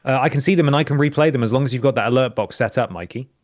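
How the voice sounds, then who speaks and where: A matter-of-fact man who talks quickly and swears offhandedly. His voice is recorded close and dry. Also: medium pitch, no room sound. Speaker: co-host of a charity stream. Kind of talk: casual chat.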